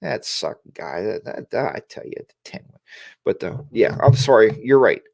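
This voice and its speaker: A man's voice: fairly low pitch, expressive, normal speed, gravelly, darkish tone, breathy edge. A man hosting a casual livestream, talking in a rambling, chatty way and greeting viewers by name, on a lapel mic in a home studio. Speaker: livestream host.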